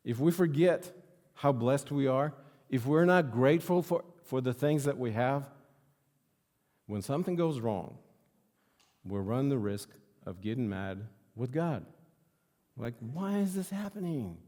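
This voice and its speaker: A man's voice: medium pitch, measured pace, pauses often, darkish tone. A male pastor preaching a sermon in a church sanctuary, earnestly repeating phrases for emphasis. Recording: long reverb of a church hall.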